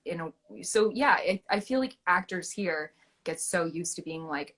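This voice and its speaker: Bright, husky young woman. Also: fairly low pitch, moderate pace. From Canada. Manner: animated, chatty, many fillers and restarts. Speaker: guest actress. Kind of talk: casual interview chat.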